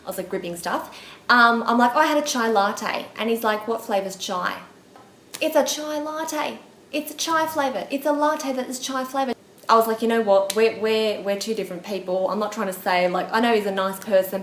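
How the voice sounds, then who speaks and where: An Australian woman in her twenties rattles through a storytime vlog, dramatic and chatty with lots of "like". Her voice sits at an ordinary middle pitch. The room is echoey, with faint background noise. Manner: chatty and dramatic, heavy use of "like", acts out quotes. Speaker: beauty vlogger.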